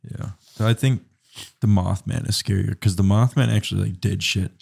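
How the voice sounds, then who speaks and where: A man's voice: on the low side, steady tone, normal speed, gravelly, darkish tone, breathy edge. A young man co-hosting a casual podcast, explaining things in a loose, rambling way. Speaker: podcast co-host. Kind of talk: casual chat.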